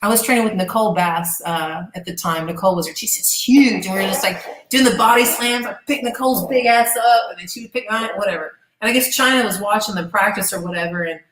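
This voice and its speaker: A woman's voice: medium pitch, quick pace, a bit bright, echoey room, poor audio. A middle-aged woman, a former gladiator guest, telling a casual and profane story in an interview.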